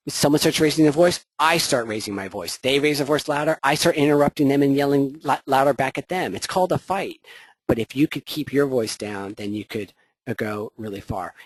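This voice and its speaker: A man's voice: mid-range voice, dry recording, rough recording. A man leading a workplace training session, chatty and rambling, with lots of fillers and self-corrections. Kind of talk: conversational training talk.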